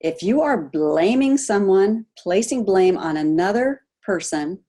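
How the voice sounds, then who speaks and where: A woman coaching a group on a video call, animated, asking her listeners questions and acting out example voices. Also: medium pitch, a little slow. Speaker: health coach.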